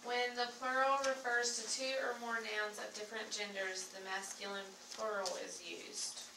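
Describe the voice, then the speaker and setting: A woman's voice: medium pitch, fairly even intonation, normal speed, background noise. A woman student reading grammar rules aloud in a classroom. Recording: echoey classroom from far off.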